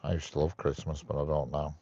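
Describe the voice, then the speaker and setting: A man's voice: very deep voice, level tone, quick pace, mellow, highs cut off. A man hosting a casual live stream, joking and chatting with viewers as he reads their comments. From United Kingdom. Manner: chatty, jokey, laughs at his own jokes.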